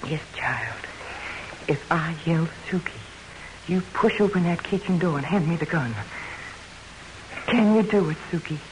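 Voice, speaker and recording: A woman's voice: on the low side, expressive, a little slow, long pauses, background noise. A fierce frontier widow mother. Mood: determined. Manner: blunt, threatening and commanding. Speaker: radio drama actor. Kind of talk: 1940s radio acting.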